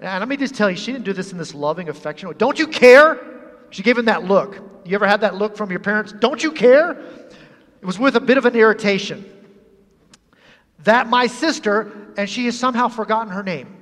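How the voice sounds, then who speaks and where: A male pastor preaching a sermon in a church, animated and humorous, acting out the scenes he describes. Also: high voice, racing, few pauses, long reverb tail. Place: church sanctuary.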